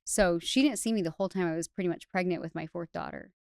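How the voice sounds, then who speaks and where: A fast-talking woman with a fairly low voice, vocal fry, and a slightly mellow quality is recorded at studio quality with no room sound. Candid and chatty, the hairstylist educator shares her personal story as a podcast guest, peppering it with "like" and restarts.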